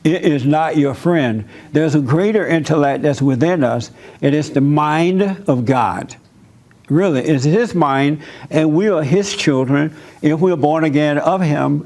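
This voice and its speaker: A man's voice: fairly high pitch, darkish tone. A man pastor giving a conversational church sermon, speaking emphatically and laughing between points.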